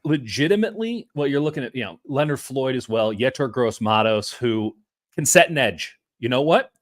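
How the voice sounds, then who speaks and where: A man hosting a casual sports podcast, talking with animated swings between loud and soft. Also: mid-range voice, normal speed, dry recording, clean studio sound. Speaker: podcast host.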